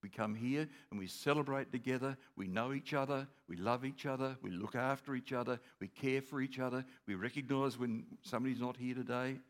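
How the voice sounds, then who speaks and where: A man's voice: mid-range voice, fairly quick, hardly any pauses. An older man, preaching a sermon in an earnest, repetitive way that builds in emphasis. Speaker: pastor.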